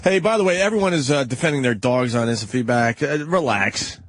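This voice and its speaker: A man's voice: medium pitch, fairly quick. A man hosting a radio talk show, cutting in with questions and steering the conversation. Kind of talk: casual radio banter.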